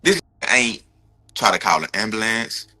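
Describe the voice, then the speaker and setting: A man's voice: fairly low pitch, big pitch swings, measured pace, pushed and bright. A man, a victim's brother, angrily retelling events in a casual, profane, emphatic way, often repeating himself for stress. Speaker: brother of a victim giving a court update.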